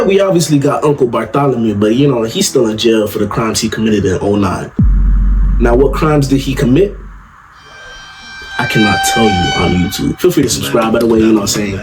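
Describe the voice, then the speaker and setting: Animated slangy young man over music. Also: medium pitch. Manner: animated, slangy, repeats "you know what I'm saying". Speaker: comedy commentary youtuber. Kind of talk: comedic commentary. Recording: music playing under the voice.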